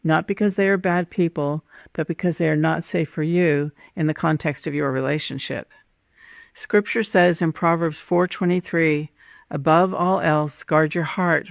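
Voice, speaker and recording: A woman host speaks in a calm, measured teaching voice, taking her listener through her points one by one. Her tone carries a gravelly fry, and the recording is close and dry with no room sound. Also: low-pitched, dry recording. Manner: calm, measured, instructive, lays out numbered points. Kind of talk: scripted teaching monologue on relationships.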